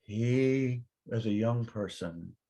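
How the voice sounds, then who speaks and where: An older man, a guest minister, tells rambling stories in a casual spiritual chat, animating them with put-on voices for quotes. He speaks slowly at a medium pitch.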